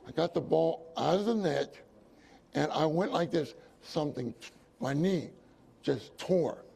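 A man's voice: a little high, animated, unhurried, gravelly, mellow, breathy edge. A man preaching a sermon, telling a personal story with repeated phrases and asides to his congregation. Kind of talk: sermon testimony.

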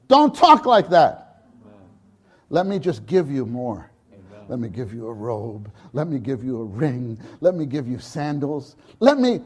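Animated man preaching a sermon. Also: breathy edge. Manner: animated, acts out quotes with loud high bursts; frequent restarts and repeated words. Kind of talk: sermon on scripture.

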